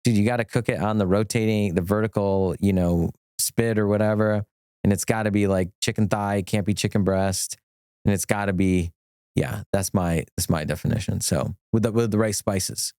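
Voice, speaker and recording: A middle-aged man, an attorney, chatting as a podcast guest, enthusiastic and rambling with quick restarts. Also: on the low side, fairly even intonation, a little mellow, clear, resonant tone, no echo, clean studio sound. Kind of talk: casual podcast conversation.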